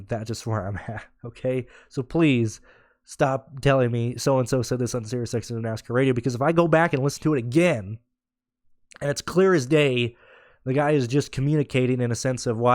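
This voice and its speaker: A podcast host rants casually, blunt and sarcastic, swearing freely and rambling with restarts. His mid-range voice is a bit mellow, with studio-quality audio and no room sound.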